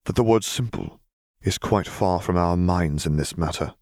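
A man reading a cool, flat woman councilor. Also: low-pitched, moderate pace, no echo, clean studio sound, natural voice.

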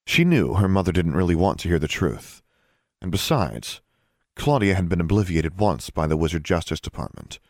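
A male narrator reads a story in a steady, measured way. His voice sits very low. The sound is dry and close to the mic. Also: dry recording. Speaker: audiobook narrator. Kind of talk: scripted narration.

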